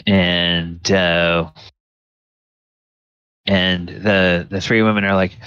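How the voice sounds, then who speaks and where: Deep, slow-talking game master. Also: male voice, little pitch movement, fairly bright tone, clean tone, dry recording, muffled recording. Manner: halting, filler-heavy description. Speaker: dungeon master. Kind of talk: narrating a tabletop game.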